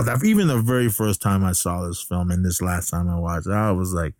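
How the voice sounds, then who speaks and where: Low-voiced man rambling through a movie plot. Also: fairly even intonation, fairly quick, gravelly, few pauses, no room sound, clean studio sound. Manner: rambling, filler-heavy storytelling. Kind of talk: casual movie recap.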